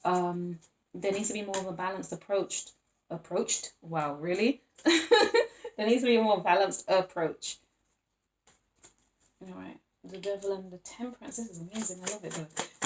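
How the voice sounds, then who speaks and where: A woman giving a casual tarot reading to her viewers, chatty and animated, acting out little scenes and laughing often. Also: medium pitch, moderate pace, long pauses, noisy background. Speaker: tarot reader.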